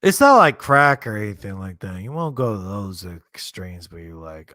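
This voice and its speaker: A man's voice: lowish voice, expressive, normal speed, few pauses, sharp tone, dry recording, studio quality. A man casually commenting on a movie as a streamer, laid-back and rambling, thinking aloud with lots of fillers. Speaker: streamer hosting a movie watchalong.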